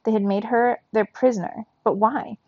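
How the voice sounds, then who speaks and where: A woman reading a children's novel aloud in steady storybook narration. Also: a little high, normal speed, no room sound, highs cut off. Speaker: reader.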